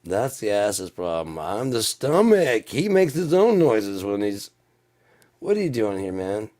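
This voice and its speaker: A man's voice: lowish voice, big pitch swings, measured pace, darkish tone. A man voicing his indignant talking stomach. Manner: nagging, indignant. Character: grumbling talking male stomach.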